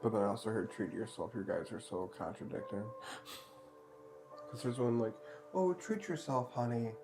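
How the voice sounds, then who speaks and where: A man's voice: lowish voice, measured pace, music in the background. A man giving a live-streamed tarot reading in a chatty, joking way, relaying what the spirits tell him. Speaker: tarot card reader.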